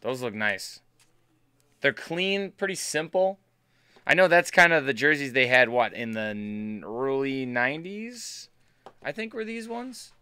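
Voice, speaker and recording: A man's voice: medium pitch, expressive, unhurried, sharp tone, clear, resonant tone, dry recording. A man hosting a live card break stream, chatting casually and bantering with viewers as he opens packs. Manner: chatty, upbeat, banters with chat.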